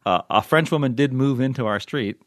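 A man's voice: medium pitch, fairly quick, dry recording, clean studio sound. A man hosting a podcast in casual chat, rambling with many fillers and frequent chuckles. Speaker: podcast host.

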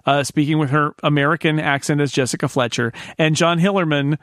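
Male podcast co-host, somewhat high-pitched, chatty and meandering, recorded dry. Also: fairly even intonation, a little fast, fairly bright tone, dry recording. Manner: rambling, self-interrupting. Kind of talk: casual chat.

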